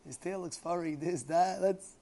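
Man doing a pushy kid pleading with his dad, high gravelly voice. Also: moderate pace, dark tone. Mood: coaxing. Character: young son on a hunt, eager.

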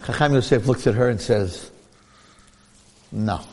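A man giving a lively Torah class, storytelling and asking rhetorical questions while acting out the people he quotes. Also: medium pitch, a little slow, pauses often. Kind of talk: animated Torah lecture with storytelling. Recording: long hall reverb.

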